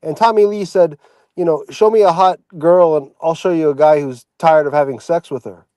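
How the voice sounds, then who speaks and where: A man's voice: a little high, moderate pace, darkish tone, no room sound. A man chatting as a guest on a livestream, rambling and opinionated, with many fillers. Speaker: regular guest. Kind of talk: casual livestream chat.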